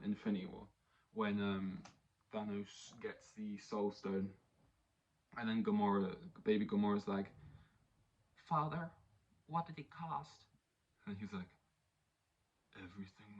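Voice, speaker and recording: A young man rambles through a solo podcast episode in a low voice. He leans on fillers and keeps circling back to his point. The recording sounds dull and lo-fi. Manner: rambling, many fillers and restarts. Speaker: podcast host. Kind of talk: solo casual podcast monologue.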